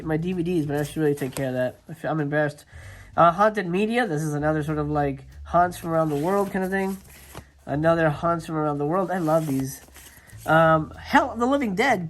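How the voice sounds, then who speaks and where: A man hosting a casual video tour of his movie collection, talking enthusiastically and rambling with lots of fillers and restarts. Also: sits high. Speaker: YouTube host. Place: home movie room.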